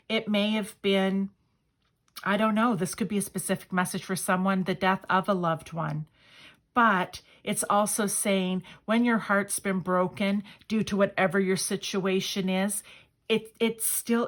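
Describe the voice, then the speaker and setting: A woman giving a casual pick-a-card tarot reading, chatty and enthusiastic as she talks straight to her viewers. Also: lowish voice. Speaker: tarot reader.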